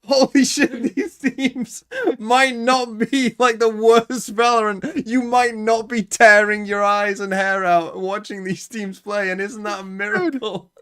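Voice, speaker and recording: Man, sarcastic watch-party co-host, very high pitch, teasing and profane. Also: steady tone, a little slow, few pauses, fairly bright tone, clear, resonant tone. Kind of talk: casual chat.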